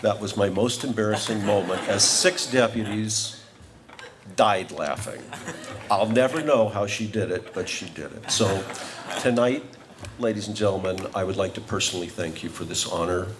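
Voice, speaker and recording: A man's voice: fairly low pitch, moderate pace, noisy background. A man giving a humorous acceptance speech, telling a comic story with careful timing. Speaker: award honoree giving a speech.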